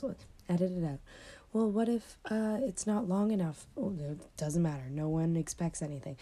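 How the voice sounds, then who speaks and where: A woman chats alone on her own podcast, rambling and self-mocking, full of quick asides. Her voice sits low and mellow with a gravelly edge. Faint noise hums under the recording. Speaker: podcast host. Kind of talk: casual solo podcast chat. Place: at home, part recorded in morning sun.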